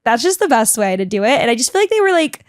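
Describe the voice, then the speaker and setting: A chatty, dramatic young woman telling a casual vlog story, full of "like" and quick asides. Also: fairly high pitch, big pitch swings, no echo, clean studio sound. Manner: chatty and bubbly, heavy use of "like", dramatic; talks a lot, emotional. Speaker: vlogger.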